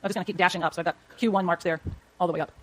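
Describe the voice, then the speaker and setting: A woman's voice: on the low side, steady tone, very fast. A woman teaching an economics class, explaining step by step while she draws graphs and talks to her students. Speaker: economics lecturer. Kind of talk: classroom lecture.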